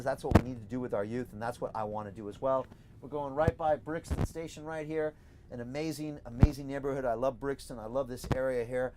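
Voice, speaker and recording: A middle-aged man from the United States with an American accent softened by years in Britain, hosting a live-stream Q&A from a moving campaign bus. He reads viewer questions and answers them emphatically and upbeat, repeating key phrases. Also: medium pitch, noisy background. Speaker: host and campaigning candidate.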